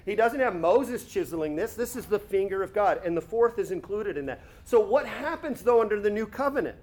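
A man preaching a conversational sermon, teaching with rhetorical asides and quick self-corrections. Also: high voice, expressive, a little mellow. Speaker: pastor.

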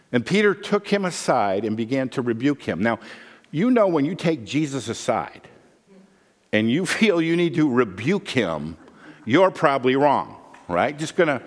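A man preaching a sermon as pastor, animated and humorous, acting out the voices he quotes. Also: medium pitch, in a large hall.

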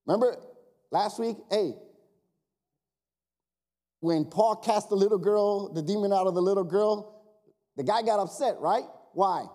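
A male pastor giving a lively, animated sermon, speaking directly to his congregation with jokes and quiet asides. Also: high voice, unhurried, long pauses.

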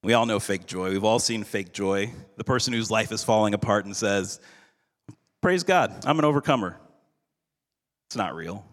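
A male pastor giving a sermon in an earnest, measured way, slowing down for emphasis. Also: lowish voice, fairly even intonation, fairly bright tone. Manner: earnest, measured preaching with slowed emphatic phrases. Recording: long hall reverb.

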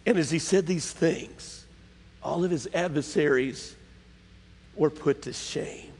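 A man's voice: a little high, a little mellow. A man preaching a sermon, emphatic and conversational, often questioning his congregation. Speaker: pastor. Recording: long hall reverb.

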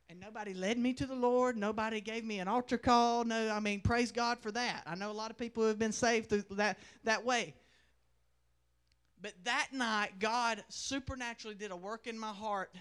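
A young man preaching a testimony in a sermon, telling his story with animated swings between loud declarations and hushed asides. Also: high voice, moderate pace, clean tone.

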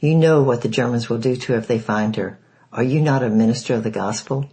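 A man's voice: mid-range voice, quick pace, mellow, lightly acted. A man reading aloud, voicing a determined woman with little change to his own voice. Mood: angry, firm. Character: determined woman who shelters children.

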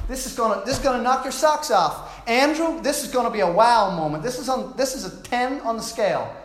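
A man's voice: very high-pitched, animated, a little fast, voice pushed up. A man voicing an eager American male tour guide in a put-on American accent, hyping things up. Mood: excited. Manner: gushing, hyped-up. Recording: roomy hall echo.

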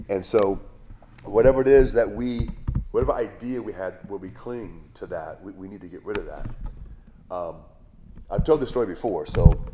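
Low-voiced male pastor preaching conversationally. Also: mellow, a little hiss or hum. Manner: conversational preaching with rhetorical questions and asides. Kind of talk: sermon.

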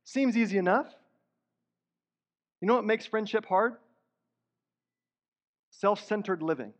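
Preaching from a church sanctuary, a man with a high-pitched voice speaks slowly as pastor. His sermon is earnest and conversational, punctuated by emphatic rising bursts. The audio is dull, and the hall gives it a long reverb.

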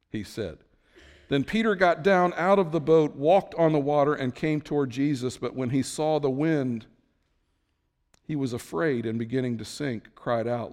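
A man preaching a sermon, telling the story with lively swings from low, quiet asides to high, excited bursts. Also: normal speed, big-room sound. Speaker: pastor.

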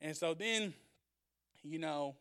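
A man's voice: a little high, takes it slowly, clear, resonant tone. A young man giving a casual sermon, retelling a story and acting out the characters. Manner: animated, acts out characters. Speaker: preacher.

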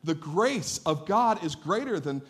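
A man with a high voice preaches in a church sanctuary. He tells lively stories and keeps asking the congregation questions. He comes from Northeast Ohio. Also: measured pace. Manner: animated storytelling, asks the congregation questions. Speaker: pastor. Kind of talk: sermon.

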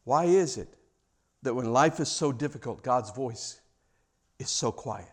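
A man preaching a sermon, dramatic in delivery, rising to loud emphasis and dropping to a hushed near-whisper, with humorous asides. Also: medium pitch, expressive, measured pace. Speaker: pastor.

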